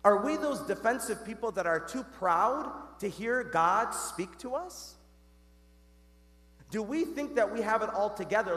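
A man's voice: high voice, expressive, measured pace, a bit bright. A man preaching a sermon as a priest, earnest and conversational, asking the congregation questions and calling them "guys". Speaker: Catholic priest. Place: church. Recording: long reverb of a church.

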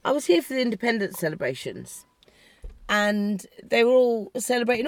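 A woman's voice: on the high side, very animated, normal speed, dry recording. A woman hosting a podcast, delivering a heated, sweary, sarcastic political rant. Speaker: podcast host.

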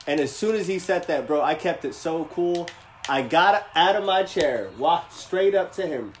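A young man in casual podcast chat, telling animated stories with heavy slang and swearing. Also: fairly high pitch, moderate pace, roomy sound, slight background noise.

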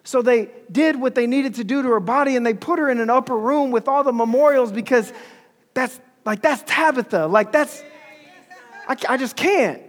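High-voiced, slangy preacher in a hall. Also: male voice, normal speed. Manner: animated, slangy, conversational. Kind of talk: casual sermon storytelling. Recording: long hall reverb.

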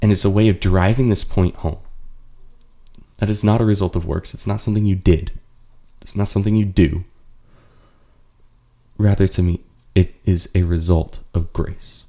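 Man, very deep voice, mellow tone, podcast Bible study host, earnest, explanatory, repeats points. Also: steady tone, moderate pace, pauses often.

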